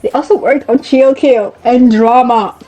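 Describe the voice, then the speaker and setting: Young woman vlogger, chatty and rambling, mellow husky voice, faint music underneath. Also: a little high, steady tone, unhurried, lo-fi sound. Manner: chatty, rambling, self-correcting. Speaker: fashion vlogger. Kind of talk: casual chat.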